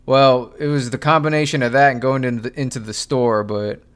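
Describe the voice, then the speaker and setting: A man's voice: medium pitch, steady tone, fairly quick, smooth. A young man hosting a podcast, telling a story in casual chat, swearing and laughing, acting out what people said. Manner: laughing, swearing, acts out quotes. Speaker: podcast host.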